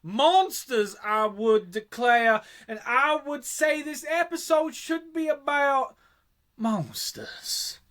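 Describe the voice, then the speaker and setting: A podcast host voicing an old folksy male sentry who has stood guard for years, slow and drawling. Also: sits high, fairly bright tone, voice pushed up. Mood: declaring.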